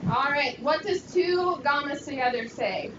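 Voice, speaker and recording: A woman's voice: sits high, lively intonation, unhurried, far from the mic, lo-fi sound, noisy background. Woman teaching in an echoey classroom. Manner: encouraging drill call-and-response. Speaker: Greek teacher. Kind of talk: classroom lesson.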